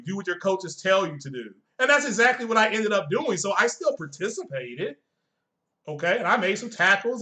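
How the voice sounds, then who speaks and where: A middle-aged man hosts a casual live stream, talking in a high voice. His tone is bright and forceful as he rants bluntly and swears freely, chuckling at his own jokes. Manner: blunt, profane and joking, chuckles often.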